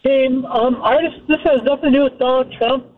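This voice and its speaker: A man's voice: very high-pitched, fairly even intonation, brisk. A male caller from Idaho on a tinny phone line, earnest and emotional as he thanks the hosts. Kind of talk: call-in thanks.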